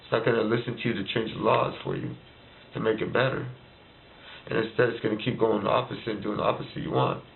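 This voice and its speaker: A male vlogger rants heatedly to camera about politics, firing off one rhetorical question after another. His voice is lowish, gravelly and fairly flat in pitch, and he talks fast. The recording is tinny and lo-fi like a phone, with slight background noise.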